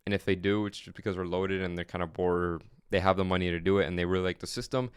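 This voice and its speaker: A man's voice: low voice, steady tone, fast talker, clear, resonant tone, dry recording, studio quality. A young man who owns an agency, casually walking viewers through his sales slides in a coaching tone, often repeating words. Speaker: agency owner. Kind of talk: casual walkthrough.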